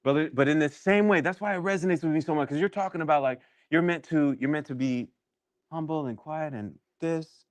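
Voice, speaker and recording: A man with a deep voice leading a workshop session, telling a candid personal story in a reflective, halting way with many restarts. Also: no room sound.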